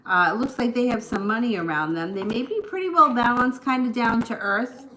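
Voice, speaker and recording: A woman's voice: on the high side, expressive, a little fast, fairly bright tone, slight background noise. A woman giving a casual live tarot reading, chatty and prone to rambling asides. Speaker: tarot reader. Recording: echoey room.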